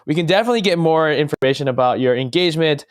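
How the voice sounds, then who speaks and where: A man's voice: on the high side, rapid-fire. A man chatting casually on a podcast, teasing his friend in an easygoing way. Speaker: podcast co-host. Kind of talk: casual chat.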